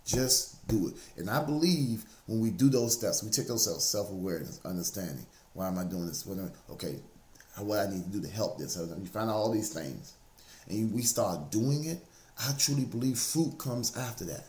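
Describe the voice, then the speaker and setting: A man's voice: on the low side, expressive, moderate pace, a little mellow. A man giving a casual, faith-based motivational talk, repeating key phrases over and over to drive them home. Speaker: motivational speaker. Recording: roomy, echoey room sound.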